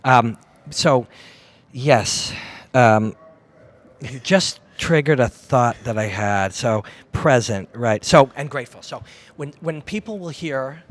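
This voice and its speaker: A man's voice: mid-range voice, animated, takes it slowly. Intense, reflective man telling a fight story. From Canada. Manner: intense, reflective, swears freely. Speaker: MMA commentator and former fighter, interview guest. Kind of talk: candid interview storytelling.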